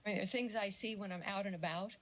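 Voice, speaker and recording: A woman's voice: mid-range voice, quick pace, fairly bright tone, low-quality recording. A woman giving a casual mini lecture, telling stories and acting out the voices she quotes. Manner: storytelling, acts out quoted voices.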